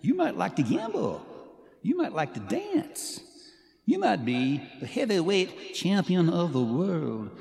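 A man's voice: high voice, huge pitch swings, measured pace, gravelly, darkish tone, voice pushed up, exaggerated voice. A man putting on an exaggerated impression of a famous older male folk singer, half singing, half speaking in a nasal drawl. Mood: mock singing. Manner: exaggerated, sung-spoken delivery. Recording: echoey hall with long reverb.

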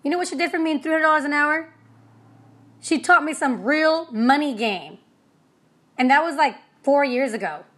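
A young woman with a high, bright-sounding voice talks straight to her listeners in a loose motivational monologue. She is blunt and profane, and she tells her stories with plenty of animation, like an energy healer talking about running her own business. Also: moderate pace, long pauses.

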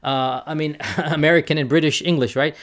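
This is an impassioned man preacher speaking straight to camera. He presses his points hard and doubles words for emphasis. His voice sits somewhat high for a man. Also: steady tone, a little fast. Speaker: Islamic preacher and teacher. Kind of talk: direct-to-camera rebuttal talk.

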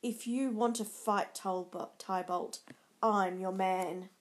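A woman's voice: medium pitch, fairly even intonation, slow, close to an everyday voice. A woman voicing Mercutio, a sarcastic, hot-tempered young swordsman, in a storybook reading. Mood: furious. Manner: sarcastic and snappish.

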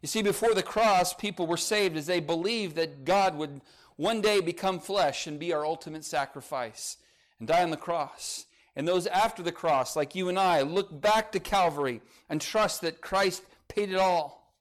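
A man preaching a sermon, rising to emphatic peaks and dropping to quiet, soft passages, and reading scripture aloud. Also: high-pitched, normal speed. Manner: reads scripture in old-style phrasing. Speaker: pastor.

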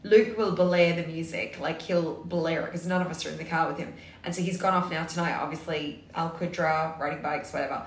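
A woman's voice: deep voice, fairly even intonation, a little fast, few pauses, a little hiss or hum. A woman co-hosting a podcast, telling stories expressively and laughing often. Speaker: podcast co-host. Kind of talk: casual chat. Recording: echoey room.

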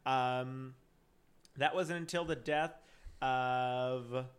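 A man's voice: mid-range voice, fairly even intonation, drawn-out words, clear, resonant tone. A man hosting a casual podcast, reading a true crime case from notes with frequent stumbles and restarts. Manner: reads notes with stumbles and restarts, laughs often. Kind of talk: casual chat.

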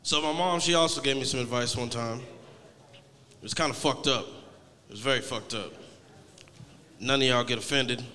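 A young man in his late twenties performing a stand-up set in a bright, sharp voice. He rambles in a laid-back, profane way and sounds a bit high. A long hall reverb trails his words. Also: moderate pace. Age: 20s. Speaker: stand-up comedian.

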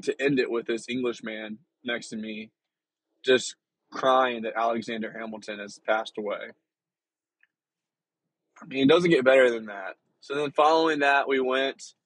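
A young man tells a travel story in a loose, rambling way, circling back and restarting his sentences. His voice is husky and mid-pitched. The sound is dry and close. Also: a bit bright, no room sound, low-quality recording. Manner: rambling, lots of filler and restarts. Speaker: vlogger. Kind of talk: casual storytelling.

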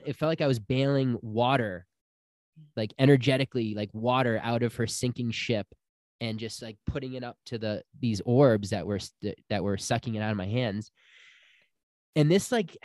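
A man's voice: mid-range voice, no room sound, clean studio sound. A young man telling a personal story in casual chat, acting out the people he quotes. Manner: animated storyteller, acts out quotes.

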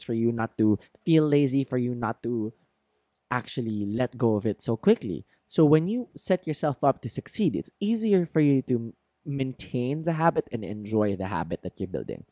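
A man's voice: mid-range voice, warm tone, no room sound. Earnest motivational male podcaster, dry sound. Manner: earnest, encouraging, laughs at himself. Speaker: podcast host. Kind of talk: motivational self-help monologue.

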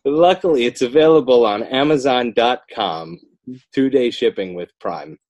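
A man talking casually about his children's book as an interview guest, animated and often breaking off to restart his sentences. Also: mid-range voice, normal speed, no room sound, dull audio. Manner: animated, self-interrupting, rising emphasis.

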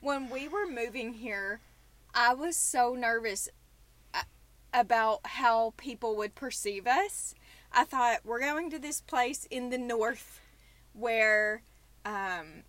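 A woman in her forties with a Southern US accent hosts a podcast in a casual, chatty way, laughing as she tells stories. Her voice is on the high side, slow, and a bit bright, and the recording is dry.

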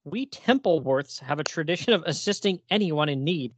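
A man doing a haughty, prim lady curator, pitched up and formal. The voice swings lively over clipped, stiff words, and the sound is dry and close. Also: normal speed, no room sound. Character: snooty prim woman museum curator.

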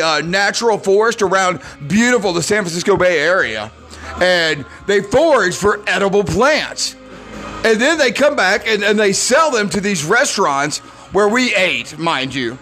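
A man's voice: high-pitched, pushed and bright. A man of forty, hosting a drinking podcast, ranting in a sarcastic, self-deprecating way with plenty of swearing. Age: 40s. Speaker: podcast host. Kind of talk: drunk comedic rant.

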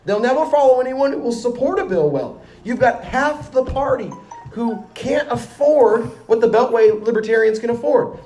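A man's voice: extremely high pitch, a little mellow, roomy sound. A man talking politics in a heated, emphatic way, swearing freely and repeating a rallying slogan. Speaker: libertarian activist guest.

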